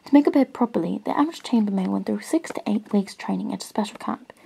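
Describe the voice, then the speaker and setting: Soft-spoken asmr lady reading a story, husky and kinda gravelly. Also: mid-range voice, lively intonation, fast talker, poor audio. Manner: soft-spoken, partly whispered, gentle asides. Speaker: ASMR reader.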